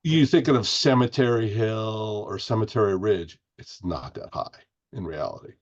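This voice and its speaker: Podcast guest: low-voiced man, meandering and chatty, dull lo-fi recording. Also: moderate pace. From Indiana, US. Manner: rambling, restarts often. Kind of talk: casual interview chat.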